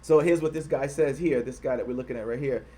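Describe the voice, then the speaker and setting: A man hosting an online show, reading items off his screen and talking about them. He repeats himself often and gets loud and high-pitched when he is worked up. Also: fast. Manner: repetitive, grows loud and high when heated, mocking quoted voices. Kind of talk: livestream commentary reading from a screen.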